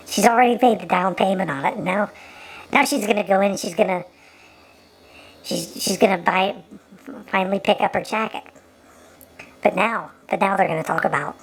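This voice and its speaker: Over an old film, a woman delivers sarcastic running commentary, frequently stumbling and repeating her words. Her mid-range voice has vocal fry, and the recording is rough.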